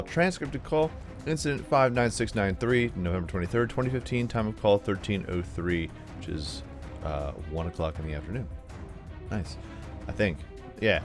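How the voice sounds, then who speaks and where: Rambling low-voiced male gamer. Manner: chatty, rambling, self-mocking. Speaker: gaming video host. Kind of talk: casual let's play commentary.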